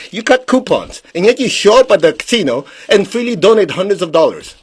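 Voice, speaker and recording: A man's voice: high voice, lively intonation, a little fast, breathy edge. A man giving a live-streamed spiritual teaching in a blunt, emphatic way, with pointed rhetorical questions. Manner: mocks excuses with put-on quoted voices.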